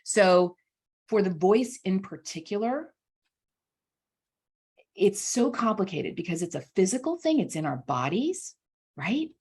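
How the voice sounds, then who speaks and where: A woman guest voice coach chats animatedly in a casual podcast interview, often checking in with "right?" and repeating words for emphasis. Her medium-pitched voice has a breathy edge, and she talks a little slowly with frequent pauses.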